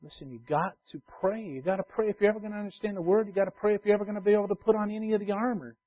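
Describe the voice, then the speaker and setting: A male pastor preaching a sermon, emphatic and repetitive, swinging from loud urging to quiet asides. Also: high-pitched, fairly even intonation, rapid-fire. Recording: tinny phone-like sound.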